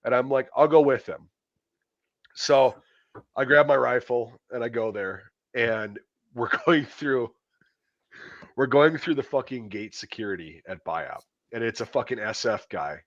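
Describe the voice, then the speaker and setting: A man's voice: mid-range voice, unhurried, no room sound. A middle-aged man swaps blunt, profanity-laced army stories in a casual chat. The recording is dry and a bit dull and lo-fi. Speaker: podcast host.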